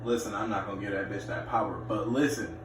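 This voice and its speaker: Brief: man, mid pitch, blunt emphatic co-host, distant mic, faint room hiss. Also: quick pace, roomy sound. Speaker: podcast co-host. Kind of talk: casual chat.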